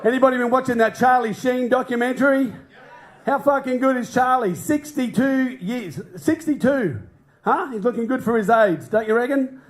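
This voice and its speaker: A man's voice: extremely high pitch, moderate pace. A middle-aged Australian man doing stand-up in a comedy club, with a brash, sweary, ranting delivery. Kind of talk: stand-up set. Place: comedy club stage with a live audience.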